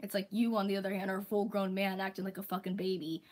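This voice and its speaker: A young woman talks straight to the camera in a casual, mid-pitched rant. She swears freely, packs her sentences with "like", and slips into goofy mocking voices when quoting the people annoying her. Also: little pitch movement, quick pace, a little mellow, poor audio. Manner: exasperated, profane, heavy use of "like", mocking impressions of critics. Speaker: vlogger. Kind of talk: casual ranting monologue.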